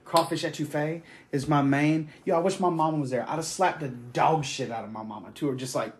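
A man's voice: on the high side, brisk, slight background noise. A man, hosting a podcast, telling long profane stories in casual chat. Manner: profane, rambling storyteller. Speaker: podcast host.

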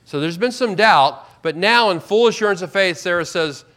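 A man preaching a sermon as pastor, emphatic, slowing right down to stress key words. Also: high voice, animated, bright, forceful tone. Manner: emphatic, with slow drawn-out stresses.

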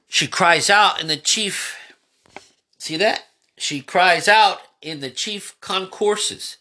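A man's voice: sits high, takes it slowly, bright, forceful tone. A man preaching a sermon, asking his listeners questions, building emphasis and retelling scripture in everyday speech. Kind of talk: sermon teaching.

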